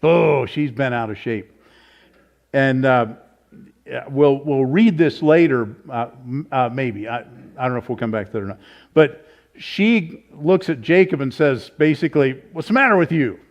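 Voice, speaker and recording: A man's voice: medium pitch, measured pace, darkish tone. Man leading an informal Bible study. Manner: informal, thinks aloud, self-corrects. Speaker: pastor teaching Bible study. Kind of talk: conversational Bible teaching with audience questions. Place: church meeting room. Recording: slightly dull, lo-fi.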